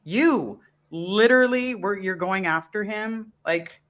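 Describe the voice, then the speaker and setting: A woman's voice: medium pitch, slow pace, a bit bright. Fired up woman host on a live stream, ranting hard. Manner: impassioned, ranting.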